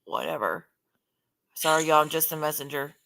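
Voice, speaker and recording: A woman's voice: low-pitched, moderate pace, gravelly, fairly bright tone, long reverb tail, low-quality recording. A woman hosting a paranormal livestream, chatting casually and passing along what she hears from spirits to her viewers. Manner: chatty, relays spirit messages to viewers, addresses them as y'all.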